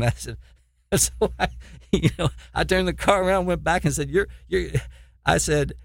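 A man's voice: on the high side, expressive, brisk, vocal fry, no room sound, studio quality. A man preaching an informal sermon in an earnest, repetitive way, often adding "you know" and chuckling.

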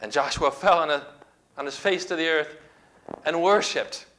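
A man's voice: a little high, moderate pace, sharp tone. A man preaching a sermon, retelling scripture with dramatic, emphatic storytelling.

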